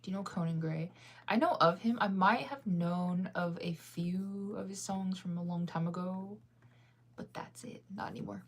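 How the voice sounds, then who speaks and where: A sleepy woman hosts a relaxed livestream, answering viewers and often stifling yawns. Her talk is loose, rambling and giggly, and her voice sits a little low for a woman. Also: normal speed. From United States. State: sleepy, yawning. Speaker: livestream host. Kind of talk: casual livestream chat reading viewer comments.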